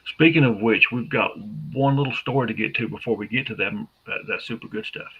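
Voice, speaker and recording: A folksy man co-hosting a podcast, easygoing and full of ums and uhs. His voice is gravelly and husky, with a lively rise and fall. The sound is dull and lo-fi. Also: mid-range voice, a little fast. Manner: folksy, easygoing, lots of fillers. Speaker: podcast co-host. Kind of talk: casual chat.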